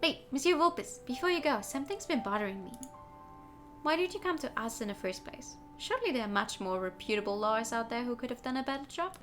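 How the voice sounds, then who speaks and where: A woman's voice: on the high side, big pitch swings, fast talker, fairly bright tone, soft background music. Woman doing an eager sparrow sidekick. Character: cheerful young male sparrow assistant.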